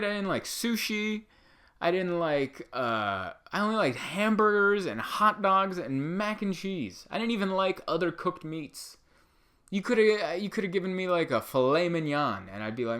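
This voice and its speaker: Bright-voiced man riffing on a podcast. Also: on the high side, measured pace. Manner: animated, rambling storytelling. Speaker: comedian podcast host.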